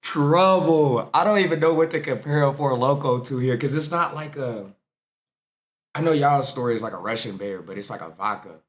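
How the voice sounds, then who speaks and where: A man's voice: mid-range voice, normal speed. Slangy man reacting casually. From United States. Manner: loose, slangy, incredulous. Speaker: reaction video host.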